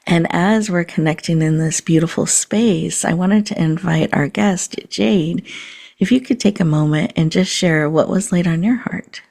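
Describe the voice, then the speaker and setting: A woman with a low voice leads a calm guided meditation as a show host. She talks slowly and unhurriedly, easing at times into a soft whisper. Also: creaky. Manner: slow, soothing guidance with soft whispered passages.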